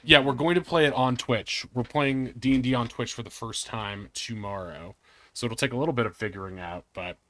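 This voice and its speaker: A man's voice: medium pitch, a little fast, bright, forceful tone. A man hosting a live game stream, chatting and joking with friends and viewers. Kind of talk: casual live-stream chat.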